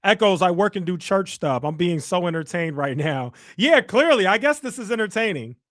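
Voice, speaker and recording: Reading his chat out loud, an American livestream host teases and mocks one viewer in a casual stream. His voice is high, a bit bright and expressive at normal speed, recorded cleanly in the studio with no echo.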